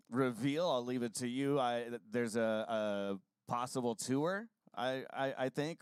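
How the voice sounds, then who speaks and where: Halting male interviewer, smooth voice. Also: mid-range voice, dry recording, clean studio sound. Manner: halting, stammering restarts. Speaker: interviewer and fellow musician. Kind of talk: casual interview questions.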